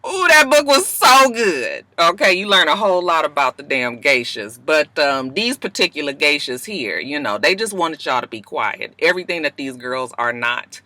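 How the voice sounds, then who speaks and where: Woman vlogger, brash and animated recap delivery, bright tone, dry sound. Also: deep voice, moderate pace, few pauses, no room sound. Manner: sassy, profane, animated storytelling. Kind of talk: casual reality show recap. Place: parked car.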